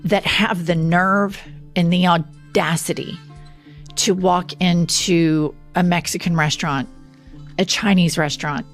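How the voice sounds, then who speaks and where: A woman's voice: on the low side, steady tone, a little slow, faint music behind. A woman speaking with sarcastic indignation.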